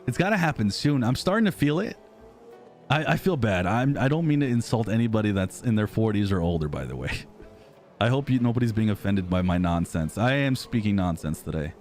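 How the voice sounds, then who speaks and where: Casual American streamer in his thirties, chatty and self-mocking, soft music underneath. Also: lowish voice, animated, fairly quick. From United States. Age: 30s. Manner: chatty, self-deprecating, rambling. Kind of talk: casual live-stream chat reading comments.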